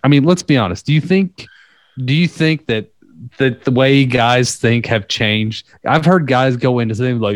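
A man's voice: medium pitch, moderate pace, no echo. Guy cursing his way through a myth retelling, dry room, acts out the lines. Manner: loose, profane, acts out quotes in voices. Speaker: podcast co-host. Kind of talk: casual chat retelling a myth.

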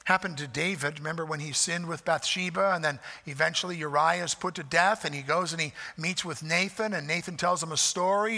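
A pastor preaching a sermon, earnest, repeating key phrases for emphasis. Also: male voice, a little high, creaky, bright, forceful tone, long reverb tail.

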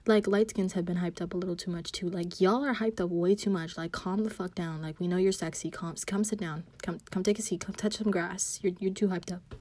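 A woman's voice: on the low side, fairly even intonation, fairly quick, darkish tone. A woman ranting casually to camera, profane and rambling, scolding people who aren't there and dropping into sudden whispered asides. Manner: sassy, scolding an absent target. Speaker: vlogger. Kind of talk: casual rant.

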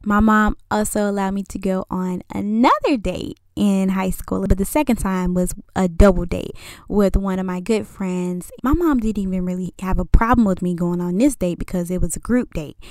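A woman in her twenties telling a personal story casually, animated and acting out the dialogue. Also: mid-range voice, moderate pace, no echo, clean studio sound. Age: 20s. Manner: lively and animated, acts out dialogue. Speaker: vlogger.

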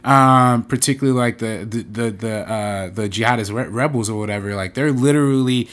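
A man's voice: on the low side, brisk, a bit bright. Laid-back man chatting casually. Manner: laid-back, agreeing, stumbling over words. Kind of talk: casual chat.

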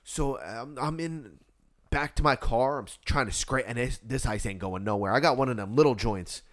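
A man telling a story in casual chat, animated and profane, acting out the people in it. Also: medium pitch, moderate pace. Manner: animated, profane, acts out voices in his story.

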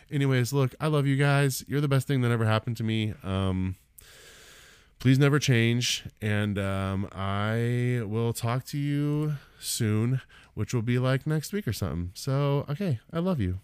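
A man's voice: mid-range voice, expressive, normal speed, clear, resonant tone, no echo, studio quality. A man hosting a solo comedy podcast, rambling, swearing a lot and mocking himself. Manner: profane, rambling, self-deprecating. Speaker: podcast host and stand-up comedian. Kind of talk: casual solo podcast monologue.

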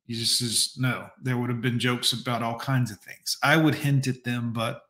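A man's voice: medium pitch, fairly even intonation, normal speed, fairly bright tone, echoey room. A man giving mocking, sarcastic commentary to his stream chat while reacting to a video.

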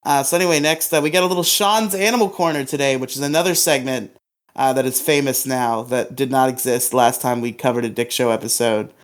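A man in easygoing podcast banter who swears freely and breaks into laughs. His voice sits at an ordinary middle pitch for a man. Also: a little fast. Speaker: podcast co-host. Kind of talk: casual podcast chat.

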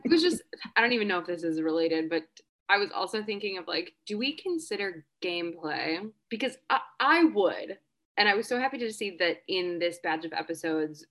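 A young woman co-hosting a podcast in casual chat, quick to push back and disagree. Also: lowish voice, expressive, a bit bright. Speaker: podcast co-host.

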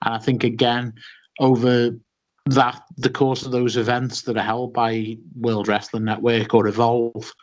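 A man's voice: medium pitch, little pitch movement, measured pace. A man co-hosting a casual podcast chat, telling a long story with many ums and restarts. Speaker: podcast co-host.

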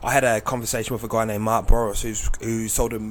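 A man's voice: fairly low pitch, fast talker, slight background noise. A man from New chatting on a podcast, swearing casually and acting out stories. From New Zealand. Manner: swearing, animated retelling of stories. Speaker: podcast guest. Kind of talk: casual chat.

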